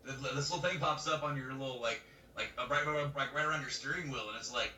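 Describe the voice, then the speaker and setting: A man co-hosting a podcast, telling a story in casual chat, animated and laughing as he acts out other people's lines. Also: medium pitch, quick pace, few pauses. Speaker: podcast co-host. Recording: roomy webcam mic from a distance, faint noise.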